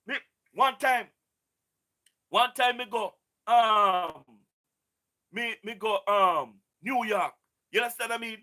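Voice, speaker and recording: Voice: medium pitch, bright, forceful tone. A speaker with a Jamaican accent and patois, giving an impassioned, preachy live-stream address that keeps circling back with repeated questions to the audience. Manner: repetitive, keeps asking "you understand what I mean"; exhorting, preachy.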